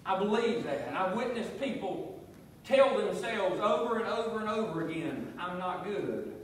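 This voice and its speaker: A man's voice: high voice, animated, normal speed, slight background noise. A male pastor preaching an emphatic sermon in a church, repeating key phrases and calling on the congregation to answer back. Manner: emphatic preaching with call-and-response and repetition. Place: church sanctuary. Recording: echoey church hall, voice from far off.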